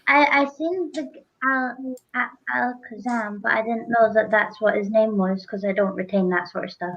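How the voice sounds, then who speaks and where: A woman's voice: fairly high pitch, fairly even intonation, moderate pace, vocal fry, lo-fi sound. A woman co-hosting a casual talk show, speaking in a loose, chatty way with restarts. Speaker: co-host. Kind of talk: casual chat.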